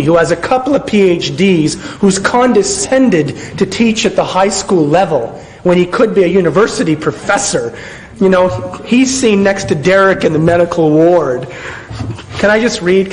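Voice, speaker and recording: A man delivers a sarcastic running commentary on a film, often stumbling and restarting mid-sentence. His voice sits high for a man. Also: a little hiss or hum, low-quality recording.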